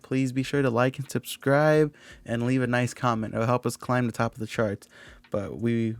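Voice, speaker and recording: A man hosting a podcast in casual chat, relaxed and jokey, rambling a little as he talks. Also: mid-range voice, no room sound. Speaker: podcast host.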